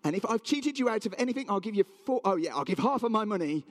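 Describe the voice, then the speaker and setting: A rich tax collector, theatrical and exaggerated, his voice jumping high with indignation and swinging lively up and down, as a male preacher puts him on. The sound carries a long echo from a large hall. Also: quick pace. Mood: repentant.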